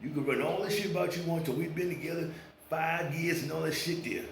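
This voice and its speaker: A man's voice: fairly high pitch, fairly quick, vocal fry, echoey room, slight background noise, poor audio. A man ranting casually to his viewers, swearing a lot and acting out quoted voices as he tells a story. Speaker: vlogger. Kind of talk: casual rant to camera.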